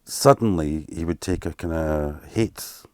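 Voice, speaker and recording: A man's voice: a bass voice, unhurried, no echo, studio quality. A Scottish man in his fifties, a keyboard player telling candid stories in an interview and acting out what people said. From Scotland. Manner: candid, animated anecdotes with acted-out quotes and swearing. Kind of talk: casual storytelling interview.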